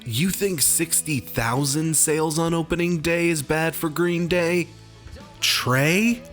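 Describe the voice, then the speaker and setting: Slow, exasperated man ranting. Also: fairly high pitch, faint music behind. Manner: exasperated, swearing, deadpan complaints. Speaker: album review host. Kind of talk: profane comedic music review rant.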